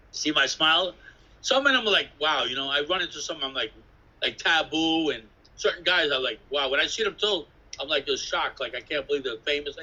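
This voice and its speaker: Husky, bright-voiced New man telling stories. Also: fairly high pitch, normal speed, rough recording. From New York City. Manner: rambling, animated, acts out voices, swears. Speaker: interviewee, graffiti artist. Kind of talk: casual storytelling interview.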